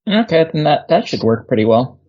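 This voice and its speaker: A man's voice: on the high side, sing-song, fairly quick, darkish tone. Swearing, incredulous man on a dull mic. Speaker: podcast co-host. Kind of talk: casual podcast chat. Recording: dull lo-fi audio.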